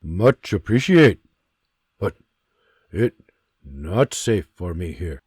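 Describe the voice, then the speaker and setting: A man voicing a steady Native American frontiersman who speaks slow, broken English. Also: sits low, slightly rough, dry recording, clean studio sound, voice pushed down, full character voice. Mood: solemn.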